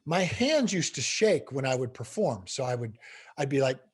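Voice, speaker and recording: A man's voice: medium pitch, very animated, normal speed, breathy edge. A middle-aged man, a guest speaker on a video call, telling a story with building intensity. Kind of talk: storytelling interview answer.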